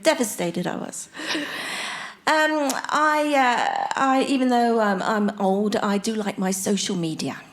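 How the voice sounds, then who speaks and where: A woman of sixty, performing a chatty, self-mocking stand-up set and bantering with the crowd. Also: a little high. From Australia. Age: 60s. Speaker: stand-up comedian. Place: theatre stage before a live audience.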